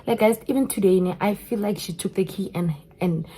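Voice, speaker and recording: A young South African woman with a South African accent, telling a story in an animated way straight to her viewers. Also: medium pitch, fairly quick, slightly rough. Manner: animated, keeps addressing viewers as guys. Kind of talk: storytime vlog.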